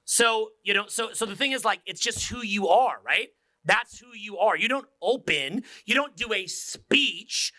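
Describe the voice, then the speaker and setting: A man giving a live seminar talk in a room without speakers, energetic, joking and profane. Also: high-pitched, moderate pace. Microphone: unamplified room talk.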